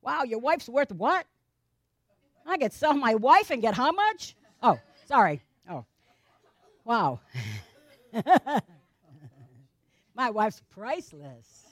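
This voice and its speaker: A woman's voice: high voice, very animated, a little slow, long pauses, no room sound. A woman preacher giving a sermon in a conversational way, questioning the congregation with playful asides.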